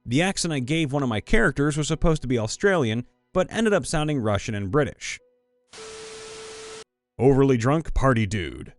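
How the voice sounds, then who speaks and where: A man narrating viewer stories in a scripted voice-over, reading lively and sometimes slipping into put-on voices. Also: on the high side, quick pace, hardly any pauses. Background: faint background music.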